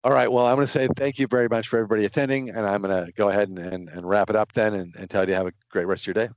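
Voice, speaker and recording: A middle-aged man leading a casual online training session, talking through number examples in a relaxed way over a video call. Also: fairly low pitch, rapid-fire, dry recording, lo-fi sound. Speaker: software trainer.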